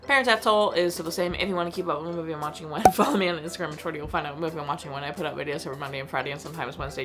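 A young woman chatting casually about a movie she just watched, full of fillers and giggles. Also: on the low side. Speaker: movie review vlogger. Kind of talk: casual movie review chat.

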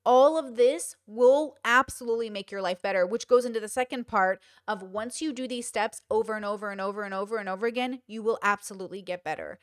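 A woman's voice: medium pitch, quick pace, few pauses, no echo, clean studio sound. A young adult woman hosting a podcast, giving casual advice in an emphatic way and repeating points for stress. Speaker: podcast host.

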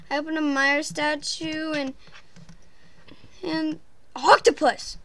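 A woman's voice: sits high, little pitch movement, takes it slowly, long pauses, a bit bright. A woman host chatting casually and apologetically over gameplay, giggling often. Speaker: channel host.

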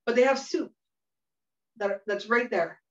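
A woman's voice: a little high, a little slow. A woman hosting a cooking workshop, telling a funny story in a chatty way and laughing often. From Canada. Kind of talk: casual storytelling while cooking. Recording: echoey room, mic at a distance, dull sound.

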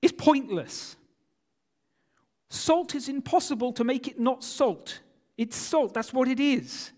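High-voiced, animated male preacher. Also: takes it slowly. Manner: animated, asks listeners rhetorical questions. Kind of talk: sermon. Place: church. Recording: long church hall reverb.

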